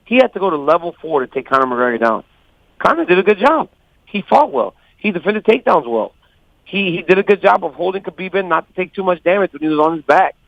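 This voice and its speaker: A man calling in as a guest fighter, telling stories animatedly and quoting others in lively voices. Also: high-pitched, fast, gravelly, no echo. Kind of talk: casual phone interview. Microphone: phone call. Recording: dull lo-fi phone line.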